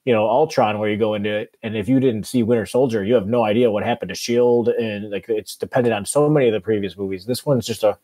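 A man's voice: fairly low pitch, fairly even intonation, fast talker, few pauses, mellow, dry recording. Rambling enthusiastic man, dry close sound. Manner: enthusiastic, rambling with many fillers. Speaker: podcast co-host. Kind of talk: casual chat.

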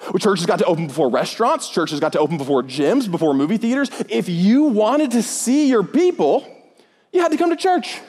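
A pastor preaching a sermon in a church, telling jokes and stories in a playful, animated way. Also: male voice, high voice, brisk, breathy edge. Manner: joking, animated storytelling with put-on voices. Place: church auditorium. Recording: long hall reverb.

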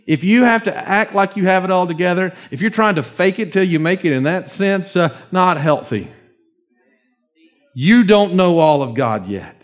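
A middle-aged man preaching a conversational, animated sermon, slowing to hushed readings of scripture. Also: sits high. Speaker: pastor.

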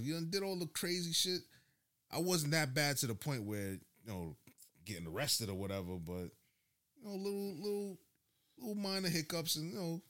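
A man hosting a casual chat, laid-back, often agreeing and dropping low when reflecting. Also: bright, forceful tone. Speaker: host.

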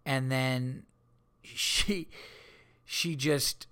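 A man hosting a comedy podcast, telling rambling, profane stories in a casual, animated way. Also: mid-range voice, drawn-out words, clear, resonant tone.

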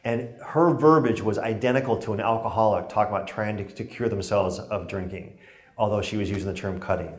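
Speaking briskly in a fairly low voice, this man gives a lecture on stress peppered with anecdotes. He keeps it chatty and humorous, performing the dialogue he recounts, and the recording carries the roomy sound of a hall.

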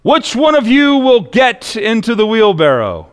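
A man's voice: very high voice, very animated, unhurried, clean tone, pitched above the performer's own voice, heavily acted. A man voicing a bold showman tightrope walker who challenges a crowd with questions. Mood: challenging. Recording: long echoey reverb.

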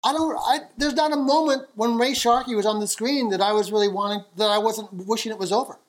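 A man's voice: high-pitched, a little fast. A man appearing as a guest on a podcast over a video call, talking bluntly and swearing in casual chat.

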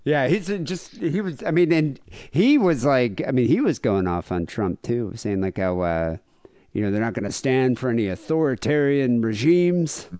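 A man's voice: mid-range voice, animated, normal speed, dark tone, clean tone, dry recording. A man co-hosting a podcast in casual comedic chat, rambling with lots of fillers and jokey asides. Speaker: podcast co-host.

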